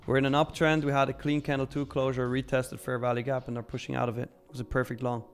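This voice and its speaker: A man's voice: medium pitch, flat delivery, fast talker, smooth. A young man hosting a live trading stream, chatting casually and upbeat as he reads viewer comments, laughing often and using slang.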